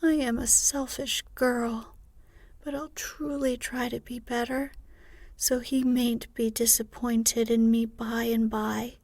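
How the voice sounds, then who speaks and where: A woman voicing an earnest twelve-year-old girl in a soft, breathy whisper, as whispered role-play. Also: fairly high pitch, level tone, slow pace, no echo. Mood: tearful. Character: young girl Amy, twelve, earnest and a little vain.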